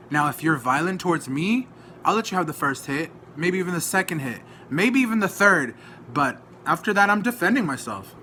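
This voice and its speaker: Vlogger man from Dallas, forceful edgy voice, indignant rant, faint hiss behind. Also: medium pitch. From Dallas, Texas. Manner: agitated, indignant, retelling a dispute. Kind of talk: heated personal rant to camera.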